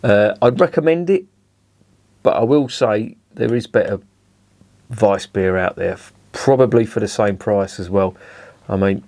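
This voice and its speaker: A man's voice: lowish voice, a little slow, darkish tone. A middle-aged man with a blunt, sweary manner, ranting in a casual beer review and peppering it with "you know".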